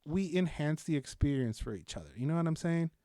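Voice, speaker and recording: A young man co-hosting a podcast, chatting casually about shows with lots of swearing and animated storytelling. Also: on the high side, a little fast, dry recording, studio quality. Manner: animated, profane, loud bursts of laughter-filled storytelling. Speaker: podcast co-host. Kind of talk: casual chat, reviewing shows.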